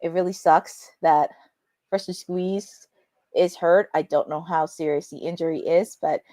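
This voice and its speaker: A woman's voice: fairly low pitch, fairly even intonation, unhurried, mellow. A woman co-hosting a wrestling watch-along, giving casual live commentary in a chatty, wry, sarcastic way.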